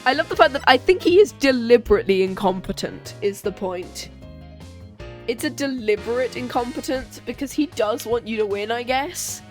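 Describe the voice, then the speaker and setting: A woman's voice: a little high, animated, moderate pace. Chatty woman streamer over game music. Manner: chatty, reads game dialogue aloud. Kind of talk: casual game playthrough commentary. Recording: music playing behind.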